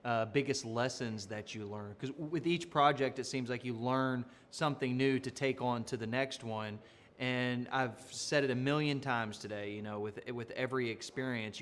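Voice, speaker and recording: A man's voice: mid-range voice, a bit bright. A man hosting a live festival interview, asking questions in an encouraging manner. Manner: encouraging, short affirmations. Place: theatre stage. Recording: long reverb of a theatre hall.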